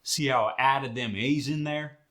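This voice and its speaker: A man's voice: mid-range voice, measured pace, fairly bright tone, natural voice. A man playing a folksy Midwest farmer guest in a comic accent lesson, speaking with a Midwest Farm Belt accent and drawing out his demonstrations. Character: folksy grown male Midwest farmer type.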